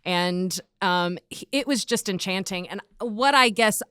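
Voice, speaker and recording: A woman guest from North Carolina chatting casually in a podcast interview, laughing often and filling pauses with "um". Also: medium pitch, sharp tone, clean tone, no room sound, clean studio sound. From North Carolina, USA. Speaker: podcast guest, arts executive director.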